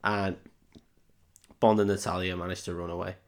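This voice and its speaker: A man's voice: sits low, flat delivery, normal speed. Sweary man recapping a film. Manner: sweary, jokey, acts out characters in mocking voices. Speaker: podcast host. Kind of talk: casual chat recapping a film.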